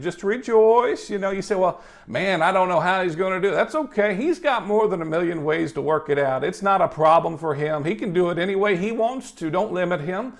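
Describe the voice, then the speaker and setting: High-voiced, upbeat male preacher. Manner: folksy, upbeat, repeats "you know", laughs often. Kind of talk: sermon.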